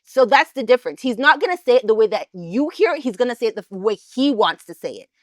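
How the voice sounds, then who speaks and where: A woman's voice: fairly high pitch, sing-song, fast talker, dry recording, clean studio sound. A woman co-hosting a couples podcast in casual chat, pressing her point and restarting her sentences often. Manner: insistent, explains with many restarts. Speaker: podcast co-host.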